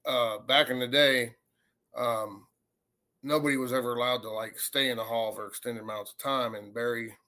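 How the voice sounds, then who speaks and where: A man, a paranormal investigator telling a ghost story in a rambling, animated way. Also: mid-range voice, normal speed. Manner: rambling, animated retelling with acted quotes. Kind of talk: casual storytelling.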